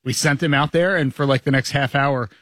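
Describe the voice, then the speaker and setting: A man's voice: mid-range voice, brisk, fairly bright tone, dry recording, studio quality. A man co-hosting a morning radio show, telling a chatty anecdote. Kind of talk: casual chat.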